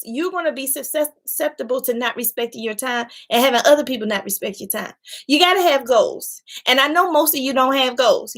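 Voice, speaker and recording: A woman success coach giving a casual live-stream talk, chatty and animated, calling her viewers y'all and laughing often. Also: sits high.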